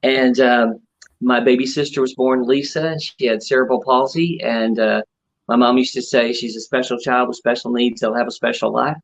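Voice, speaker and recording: A man, a ventriloquist, telling his story in a relaxed interview with many fillers. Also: mid-range voice, normal speed, vocal fry. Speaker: ventriloquist guest. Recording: dull lo-fi audio.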